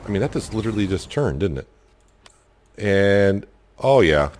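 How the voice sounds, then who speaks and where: A man's voice: fairly low pitch, animated, moderate pace, a little mellow, a little hiss or hum. A man casually commenting while playing a farming game, thinking aloud and rambling with lots of fillers. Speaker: gaming channel host. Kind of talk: casual let's-play commentary.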